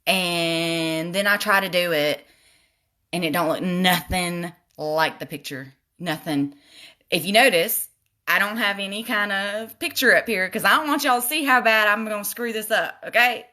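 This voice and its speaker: A woman's voice: mid-range voice, moderate pace, bright, forceful tone. A woman chatting casually through a makeup tutorial livestream at home, talking straight to viewers as y'all and going off on laughing tangents. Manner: talks straight to viewers, addressing them as y'all. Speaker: makeup vlogger.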